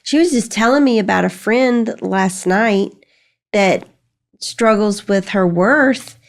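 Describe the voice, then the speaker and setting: A woman's voice: mid-range voice, slow pace, gravelly. An older woman hosting a podcast, giving chatty, reassuring motherly advice in casual conversation. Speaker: podcast host answering parenting questions. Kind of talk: casual chat.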